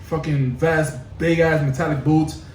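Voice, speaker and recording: A man's voice: on the high side, unhurried, a little hiss or hum. A man from Brooklyn telling a profane story in casual podcast chat, acting out the other characters' lines. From Brooklyn, New York. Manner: animated, profane, acts out voices while telling stories. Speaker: podcast co-host. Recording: echoey room, mic at a distance.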